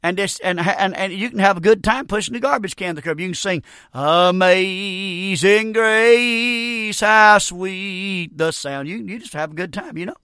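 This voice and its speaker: A man's voice: sits high, quick pace, few pauses, a bit bright, no echo, clean studio sound. A man in his sixties preaching a fervent radio sermon, often breaking in with "Amen".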